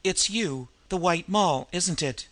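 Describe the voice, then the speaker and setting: A man voicing a wounded young adventurer, halting and stammering, bright-toned voice, wry courage, storybook audiobook. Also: high-pitched, exaggerated voice. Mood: urgent. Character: weak, hurt young male adventurer, wry and brave.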